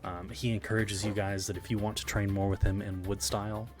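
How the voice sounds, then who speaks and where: Low-voiced man running a tabletop game. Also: fairly quick. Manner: relaxed, explanatory narration with chuckles. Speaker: game master. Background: music.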